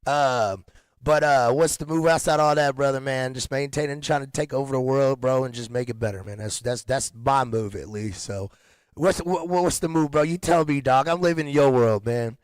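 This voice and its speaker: A man's voice: medium pitch, moderate pace, smooth, no echo. A man hosting a casual podcast chat, rambling in slang with frequent restarts and laughter. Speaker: podcast host.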